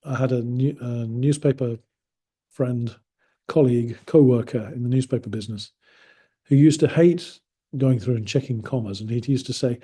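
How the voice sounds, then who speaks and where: A man from England talks through an English lesson in a casual, meandering way, often stopping to correct himself. His voice is mellow and a little husky, and his humor stays dry. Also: medium pitch, moderate pace. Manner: rambling, self-correcting, dryly amused. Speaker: English teacher.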